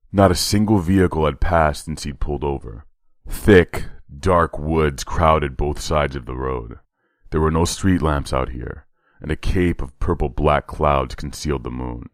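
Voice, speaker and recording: A man narrating a horror short story in a measured, dramatic read. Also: very deep voice, no echo, clean studio sound.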